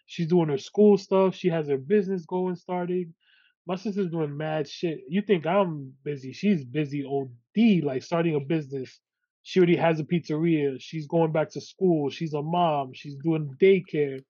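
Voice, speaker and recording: A man's voice: on the high side, moderate pace, no echo. A man hosting a podcast, chatting casually in slang. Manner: relaxed, warm-hearted, uses street slang like bro and yo. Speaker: podcast host. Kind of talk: casual chat. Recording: slightly muffled lo-fi audio.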